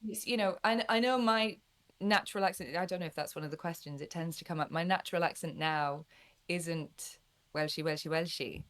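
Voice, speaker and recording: A woman from Wales, a guest voice actress, chatting warmly in an interview. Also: fairly low pitch, a little fast. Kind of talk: casual interview chat.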